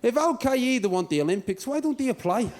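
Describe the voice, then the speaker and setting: A man's voice: very high voice, lively intonation, brisk, very noisy. A man from England doing a stand-up comedy set on a club stage, rambling and sweary with mocking asides.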